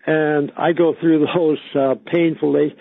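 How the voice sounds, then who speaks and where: Gravelly man on a tinny phone line. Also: fairly high pitch, flat delivery, no echo. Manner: halting, with many fillers and restarts. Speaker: guest. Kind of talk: phone-in interview talk.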